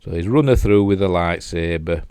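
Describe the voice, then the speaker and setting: Deep-voiced older Yorkshire man, chatty. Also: normal speed, a little mellow, clean tone, dry recording, clean studio sound. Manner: chatty and self-mocking, with frequent fillers and asides. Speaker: TV show reviewer. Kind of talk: casual rambling review while replaying clips.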